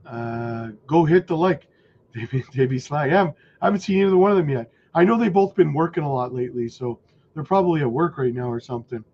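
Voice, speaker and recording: Male livestream host, hoarse, chatty, a bit high-pitched, dull lo-fi sound. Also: animated, fast talker. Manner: chatty, shouts out viewers by name. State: voice going hoarse. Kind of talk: casual livestream chat reading comments. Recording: dull lo-fi audio.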